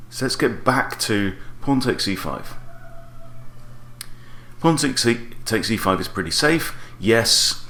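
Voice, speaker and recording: A man coaches chess while playing a game, thinking aloud and weighing each move analytically, often stopping to correct himself. His voice is lowish and reverberant.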